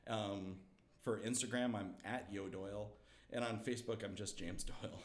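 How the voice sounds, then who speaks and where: A young man telling a story as a guest, lively and laughing, acting out the quotes. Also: lowish voice, moderate pace, echoey room. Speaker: comedian guest. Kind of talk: animated storytelling.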